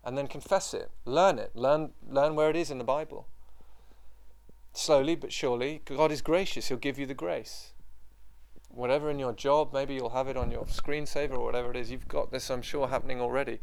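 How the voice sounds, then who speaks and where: A man's voice: medium pitch, steady tone, brisk, creaky. A man preaching a sermon to a room of listeners, impassioned and emphatic, repeating his points. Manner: impassioned, emphatic and repetitive, dropping to quiet prayer.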